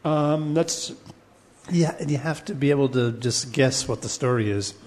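A man with a medium-pitched, darkish voice lectures unhurriedly on Sanskrit poetics in a classroom. He explains things patiently, now and then chants Sanskrit verses, and frequently restarts sentences with fillers. A long hall reverb colors the recording.

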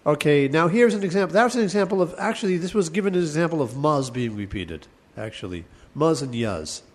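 A man teaching a class on verse, thinking aloud with many restarts and chanting lines slowly. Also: a little high, animated. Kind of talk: class lecture on Sanskrit poetics.

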